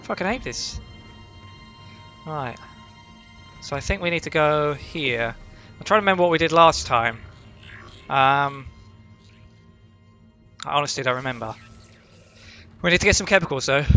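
Excitable, swearing male gamer. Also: fairly high pitch, a little slow, long pauses, soft background music. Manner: excitable, heavily profane, jumpy. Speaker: gaming channel host. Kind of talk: casual let's-play commentary. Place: at home.

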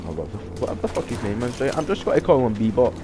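Excitable swearing young gamer. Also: male voice, mid-range voice, rapid-fire, background noise. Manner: excitable, profane, yells at the game. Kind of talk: live gameplay commentary. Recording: voice over loud game music.

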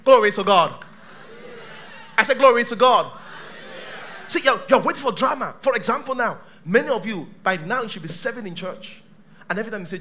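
A male pastor preaching a sermon to a live church congregation, dramatic, swinging from shouts to hushed tones. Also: sits high, animated, brisk, pauses often, slight background noise.

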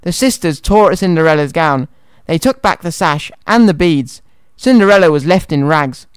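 A man's voice: a little high, lively intonation, normal speed, clean tone, no room sound. A man presenting a children's radio show and reading a story aloud in a cheerful, friendly way, in a studio. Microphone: studio microphone.

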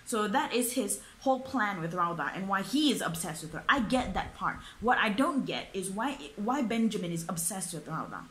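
A woman's voice: mid-range voice, lively intonation, normal speed, hardly any pauses, fairly bright tone. A young woman, ranting through a book review, exasperated and swearing, with lots of fillers. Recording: echoey room.

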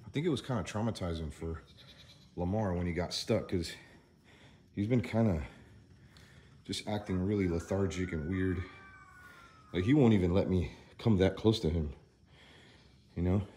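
A man vlogging outdoors on a small farm, chatty and worried, thinking out loud as he walks around. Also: low-pitched, normal speed, pauses often, slight background noise. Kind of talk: casual vlog commentary.

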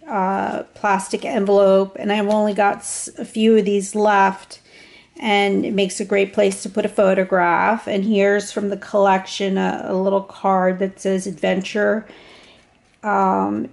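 A woman casually showing off a handmade travel journal to the camera, talking in an unhurried way with fillers and small restarts. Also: mid-range voice, creaky, darkish tone. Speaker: craft vlogger. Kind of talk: casual show-and-tell narration.

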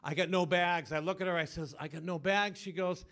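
A man in his sixties working through a stand-up set. His voice sits high and rings bright and forceful. He lands short one-liners in quick bursts. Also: fairly even intonation. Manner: punchy joke delivery, bursts into loud sung parody. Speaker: stand-up comedian.

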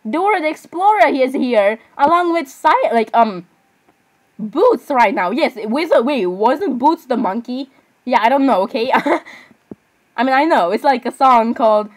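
A teenage girl reacting to videos in a casual vlog, excitable and exclamatory, jumping between loud outbursts and mumbled asides. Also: sits high. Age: teens. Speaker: reaction vlogger.

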